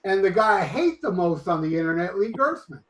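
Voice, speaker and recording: Podcast co-host guy, crude teasing, blunt, highish voice, kinda far from the mic. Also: sing-song, fairly quick, fairly bright tone. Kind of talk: casual podcast banter.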